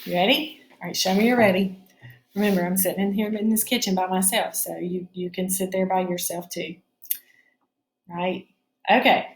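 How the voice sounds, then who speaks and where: Middle-aged woman teacher, patient and encouraging, recorded phonics lesson from her home kitchen. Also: lowish voice. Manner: patient, checks in with students often.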